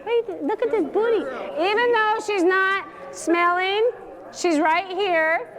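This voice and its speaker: A woman's voice: extremely high pitch, takes it slowly, crowd noise. A woman dog trainer leading a hands-on class, giving direct instructions and coaxing the dogs in a sing-song. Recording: long hall reverb.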